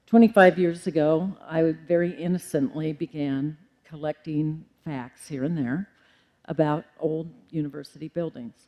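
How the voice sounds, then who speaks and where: Measured middle-aged woman lecturing. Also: low voice, fairly even intonation, dark tone, dull audio. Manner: measured, with occasional ums and self-corrections. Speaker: librarian giving a public lecture. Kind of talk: formal lecture.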